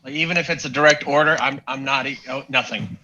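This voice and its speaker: A man playing a tabletop game, making quick offhand remarks. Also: mid-range voice, sharp tone, highs cut off. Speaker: player.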